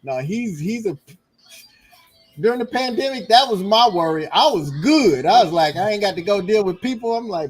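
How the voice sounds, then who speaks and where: High, lively laughing dad. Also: male voice, moderate pace, husky, poor audio. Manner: laughing, playful, talks about his son. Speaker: guest, father. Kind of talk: casual chat.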